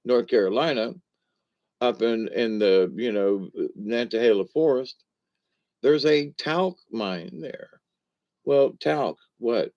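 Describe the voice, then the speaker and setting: A man's voice: medium pitch, slow pace, darkish tone. A man, talking in a folksy, meandering monologue that wanders between topics. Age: 60s. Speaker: vlogger. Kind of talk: rambling casual monologue. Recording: dull lo-fi recording.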